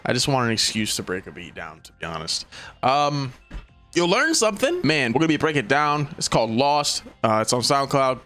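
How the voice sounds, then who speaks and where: A man's voice: mid-range voice, very animated, a little fast, bright, forceful tone, soft background music. A young man walks through a beat at his desk in loose, slangy talk. He swears easily and laughs at his own slips, with a faint beat playing underneath. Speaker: music producer. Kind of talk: casual beat-making tutorial.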